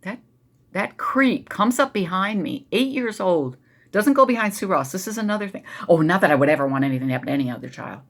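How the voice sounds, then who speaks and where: A woman from the US Midwest telling a personal story to her viewers, rambling and digressive, calling them "y'all" and sometimes sinking into a soft, emotional near-whisper. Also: medium pitch, animated, fairly quick. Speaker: vlogger.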